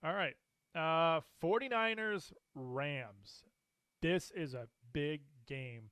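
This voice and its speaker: Opinionated man with a higher voice. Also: slow pace, clean tone, no room sound. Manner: animated, opinionated, laughs often. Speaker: co-host. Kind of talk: casual sports talk.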